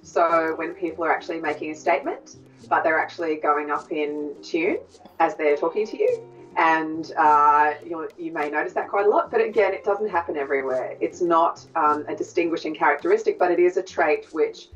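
A woman accent coach with a deep voice and moderate pace explains technique in interview answers that are thoughtful and hesitant, full of small fillers. She sounds a bit distant and muffled over faint background music.

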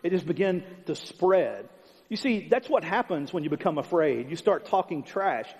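A man's voice: a little high, sing-song, normal speed, darkish tone. A man preaching a sermon as pastor, in an emphatic, conversational style with lots of repetition. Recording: long hall reverb, dull sound.

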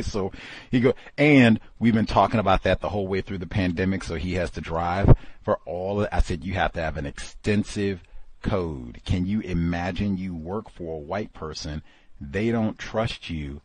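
A man's voice: deep voice, slightly rough, no echo. A man hosting a book club session, reading a memoir aloud with emphatic, exclaiming commentary. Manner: emphatic, exclaiming, conversational asides.

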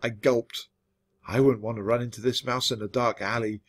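A man reading a children's story aloud in an expressive, measured way for English learners. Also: mid-range voice. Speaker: storybook reader.

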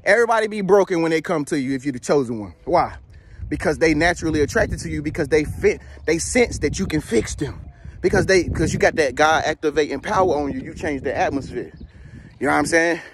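A man giving a casual motivational talk, animated and slangy, joking as he tells stories. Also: on the high side, brisk, a little hiss or hum. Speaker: motivational vlogger.

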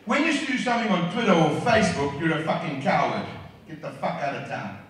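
A man's voice: fairly high pitch, sing-song, fairly quick, a bit bright. A South African man in his fifties doing a brash, profane stand-up set on a comedy club stage. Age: 50s. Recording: echoey club, voice from far off.

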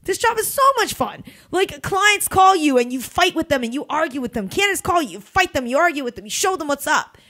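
A woman in her thirties hosting a podcast in a casual motivational monologue, emphatic and blunt, swearing freely with big swings in pitch. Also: animated, fairly quick, hardly any pauses, a bit bright. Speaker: podcast host and recruiter.

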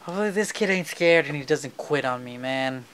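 A young man casually commentating his own football video game match, excitable and quick to swear and yell at the game. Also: a little high, slight background noise.

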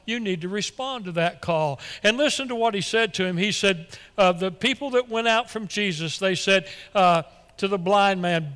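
A male pastor delivers his sermon in a high voice, folksy and easily excited, doubling words when the feeling runs ahead of him. His voice rings out through a church with a long, lingering reverb. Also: smooth. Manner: excitable, folksy, stumbles and repeats when worked up. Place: church sanctuary.

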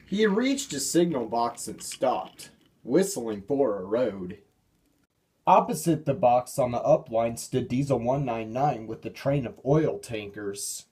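A man reading a children's storybook aloud, measured and expressive. His delivery is slow and deliberate, and his pitch moves a lot across each sentence.

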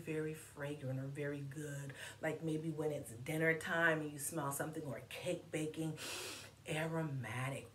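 A woman reading a picture book aloud to children, slowly spelling out words and inviting them to clap syllables with her. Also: low-pitched, fairly bright tone, distant mic. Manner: slow, encouraging, spells and claps words with kids. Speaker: storytime reader. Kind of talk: children's read-aloud lesson. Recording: echoey room with faint noise.

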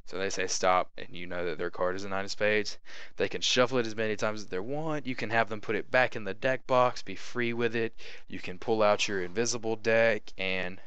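A young man explains a card force in a relaxed, chatty way, stopping often to check in with the viewer. His voice sits a little low and comes across smooth and clear. The sound is dry and close, with no room around it. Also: a little fast, dry recording, dull audio. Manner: chatty, repeats "okay?" to check in, acts out patter. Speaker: magic tutorial host. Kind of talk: casual card-trick tutorial.

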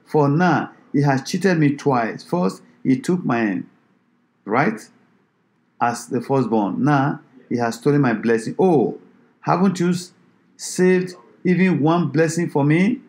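A man voicing a grieving biblical hunter who begs his father for a blessing, reading slowly and pleadingly. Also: on the high side, a little mellow. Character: grieving adult male Bible hunter, pleading.

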